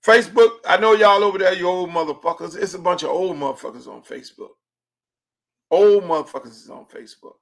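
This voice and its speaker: A middle-aged man with a Miami accent hosting a casual livestream podcast, profane and joking, swinging between booming and hushed talk. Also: a little fast. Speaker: podcast host.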